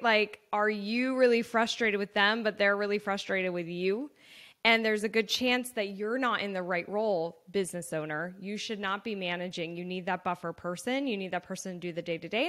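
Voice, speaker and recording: A woman's voice: medium pitch, a bit bright. A woman in her thirties hosting her own podcast, talking casually and earnestly about her business, with lots of "like" and "so". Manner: chatty and earnest, full of "like" and "so". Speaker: podcast host and business owner. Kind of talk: casual solo podcast talk.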